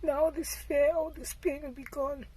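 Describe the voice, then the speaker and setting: A young woman with a high voice speaks through tears in a quiet personal diary clip. She sinks to a near whisper as she tells herself she will pass, with faint ambience behind her. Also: fairly even intonation, moderate pace, slight background noise, low-quality recording. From Nigeria. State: tearful, crying.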